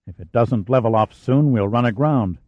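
A man's voice: mid-range voice, normal speed, a little mellow, dry recording, muffled recording, close to an everyday voice. A man voicing an authoritative male ship's commander who gives clipped orders. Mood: commanding.

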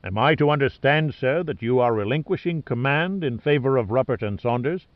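A man's voice: medium pitch, animated, brisk, no room sound, close to an everyday voice. A man voicing a big, ruddy male ship captain who talks in an effusive, exclaiming way. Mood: formal. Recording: dull lo-fi dry recording.

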